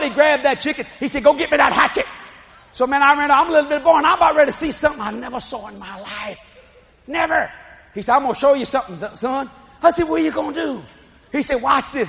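A middle-aged man preaching a sermon, telling a story with animated, shouting delivery. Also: very high voice, vocal fry, long reverb tail, a little hiss or hum.

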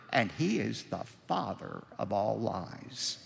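Gravelly guy preaching, voice goes up and down a lot, slows way down to hit a point. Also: medium pitch, big-room sound. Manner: animated preaching with dramatic slow emphasis. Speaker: pastor. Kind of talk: sermon.

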